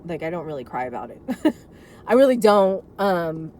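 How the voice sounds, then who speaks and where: A woman's voice: lowish voice, big pitch swings, normal speed, darkish tone, slight background noise. Frank, rambling woman vlogging from her car. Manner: frank, emotional, rambling with many asides. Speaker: vlogger sharing caregiving story. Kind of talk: candid unscripted talk to camera.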